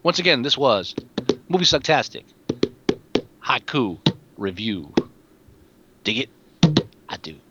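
A man co-hosting a movie podcast in casual chat, animated and stammering, reading short poems slowly and dramatically. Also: medium pitch. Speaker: podcast co-host. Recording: dull lo-fi recording with background noise.

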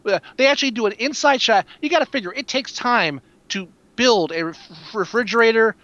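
A man co-hosting a casual movie review podcast, talking in a wry, animated way and slipping into joking voices. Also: very high voice, a little fast, dry recording, muffled recording. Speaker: podcast co-host.

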